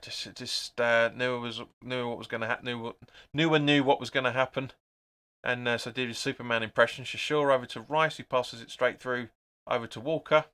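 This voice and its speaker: A man's voice: medium pitch, a little fast, smooth. A young man hosting a live football watch-along, chatting casually, calling the play and reading out viewer comments. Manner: chatty, reads out viewer comments, excitable at chances.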